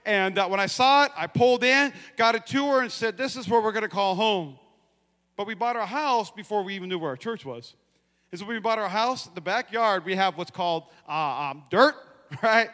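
A male pastor with a high voice preaches energetically and tells a personal story that leads into a lesson. He acts out the lines of the people in his story and calls out to the congregation. His voice carries with the long reverb of a large hall. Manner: animated, acts out quotes, addresses the church.

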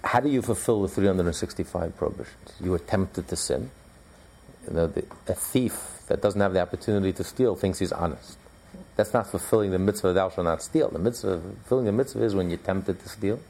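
Gravelly low-voiced man teaching. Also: fairly quick, mellow, a little hiss or hum. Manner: emphatic, repetitive, conversational teaching with many fillers. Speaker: Torah class teacher. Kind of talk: religious lecture to a class.

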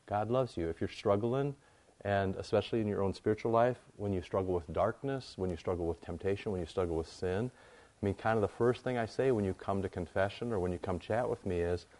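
A male pastor delivers a sermon in a relaxed, conversational tone. His voice sits a little low. He builds his points through emphatic, repeated phrases.

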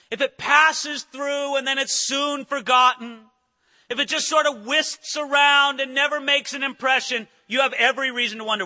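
A man delivers a sermon with earnest conviction, swelling into emphatic lines before dropping into quiet asides. His voice sits high and sounds sharply bright. A long hall reverb trails behind him. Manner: earnest preaching, rising emphatic passages then soft quiet asides. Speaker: pastor.

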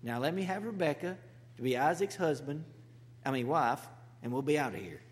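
A preacher speaking as a loyal, single-minded servant who refuses to rest until his errand is done, blunt and insistent. The slightly high voice carries a long hall echo. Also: expressive, brisk, lightly acted. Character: determined loyal male servant on a mission.

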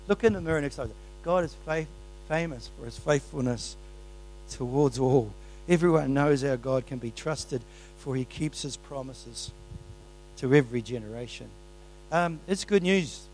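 A preacher delivers a sermon in a church, his voice sitting a touch high for a man. He is exuberant, dropping into soft asides and then bursting out loud with excitement. A faint mains hum sits under him. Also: unhurried, rough recording.

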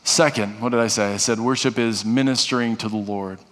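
A man's voice: fairly low pitch, steady tone, fairly quick. A male pastor preaching a sermon in an earnest way, often restarting and repeating phrases. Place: church sanctuary. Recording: long reverb of a large hall.

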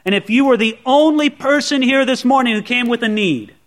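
A man's voice: very high-pitched, brisk, a bit bright. A pastor preaching a sermon to his congregation in an earnest, conversational way, often asking rhetorical questions.

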